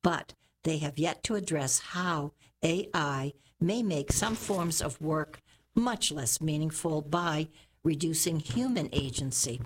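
Female reader, deep and unhurried, careful newspaper reading. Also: breathy edge. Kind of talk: reading opinion columns aloud.

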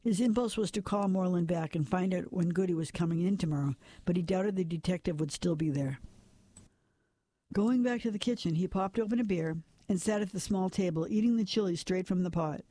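Man calmly reading a story aloud. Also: sits high, a little fast, no echo. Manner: steady, plain reading with occasional slips and restarts. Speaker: narrator. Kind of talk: audiobook narration.

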